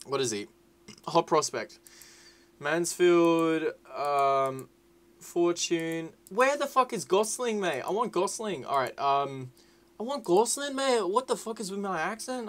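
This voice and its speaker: A young man rambles through casual commentary over his gameplay. He is rowdy and sweary, jumping between excitable shouting and low muttering. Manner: rowdy, sweary and excitable, swinging to loud whining outbursts. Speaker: gaming YouTuber. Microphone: desk mic with webcam.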